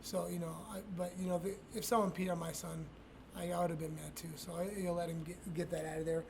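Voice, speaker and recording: Middle-aged man, high gravelly voice, profane rambling storyteller, faint room noise. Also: flat delivery, fast talker. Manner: profane, rambling, frequent restarts and laughs. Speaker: retired MMA fighter telling stories. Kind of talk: casual storytelling interview.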